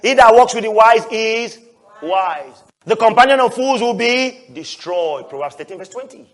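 A male pastor, preaching a lively sermon, often laughing and breaking into shouts. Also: high-pitched, moderate pace.

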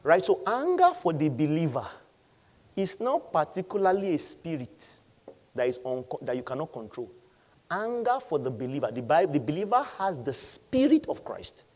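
Man, pastor, sermon, high voice, very lively melody, loud-and-soft swings, call-and-response. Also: normal speed. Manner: animated preaching, swings between loud exclamations and quiet asides; calls for congregation responses.

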